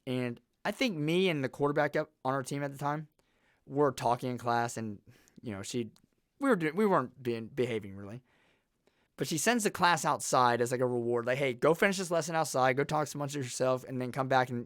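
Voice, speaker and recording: A young man, casually telling personal stories to camera in a blunt, animated way. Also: medium pitch, fairly quick, dry recording, clean studio sound. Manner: animated, blunt, laughs through his stories. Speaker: vlogger.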